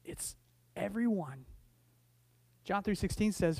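A man's voice: sits high, moderate pace, dry recording. A middle-aged man preaching a sermon in a conversational, storytelling way, stumbling over restarts and building to emphatic declarations. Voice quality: frequent restarts and repeated words. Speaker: pastor.

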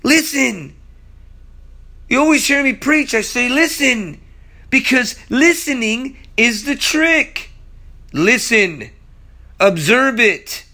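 Male podcast preacher, high voice, emphatic, halting restarts, verse-by-verse teaching. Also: expressive, bright, forceful tone. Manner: emphatic, repeats words, many restarts.

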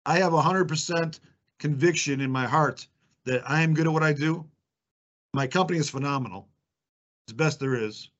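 A man's voice: on the high side, moderate pace, pauses often, a bit bright, muffled recording. A man telling sales stories in a confident, emphatic way and acting out the dialogue, as a podcast guest. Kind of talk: conversational storytelling.

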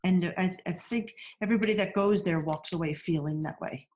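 A woman's voice: lowish voice, brisk. A woman in casual chat, telling stories with lots of restarts and laughter. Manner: chatty storyteller, warm laughs, many restarts.

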